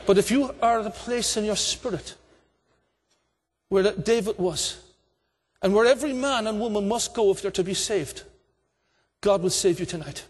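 High-voiced preacher in a reverberant hall. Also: male voice, moderate pace, long pauses, husky. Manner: impassioned, preaching with rising shouts. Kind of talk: evangelistic sermon.

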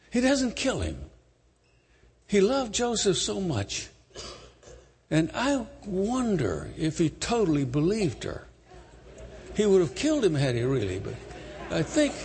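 A man preaching a sermon, retelling a story dramatically, emphatic and swinging between loud and soft. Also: high-pitched, breathy edge. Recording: long hall reverb.

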